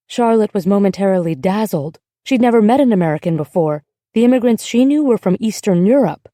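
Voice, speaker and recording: A woman narrates a novel in a measured, gentle reading. Her voice is mellow and soft-edged. It is recorded close up in a dry space with no echo. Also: medium pitch, expressive. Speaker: audiobook narrator. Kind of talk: scripted audiobook narration.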